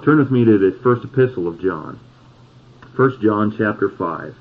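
A man preaching a sermon, reading scripture slowly and pausing on key words for emphasis. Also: lowish voice, animated. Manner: slow, deliberate scripture reading with emphatic pauses. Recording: tinny phone-like sound.

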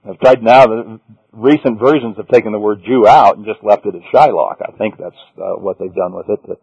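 A man preaching in a measured teaching tone, reading scripture passages aloud and then pressing his points home. The sound is dull and lo-fi, with a dry, close feel and no room around it. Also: on the low side, creaky, a little mellow, husky, no room sound. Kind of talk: Bible teaching sermon.

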